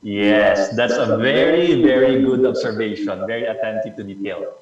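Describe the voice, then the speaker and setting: A man's voice: lowish voice, normal speed, heavy reverb, a crowd in the background. Man from the Philippines running an online workshop; encouraging, repeats key words; distant, muffled call audio. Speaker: presenter leading a learning session. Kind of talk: online club workshop talk. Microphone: video call.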